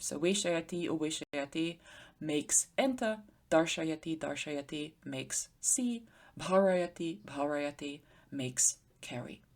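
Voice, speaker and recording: A woman teacher giving an explanatory grammar lecture, patiently slowing down to spell out word forms. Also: low-pitched, gravelly, darkish tone. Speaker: Sanskrit teacher.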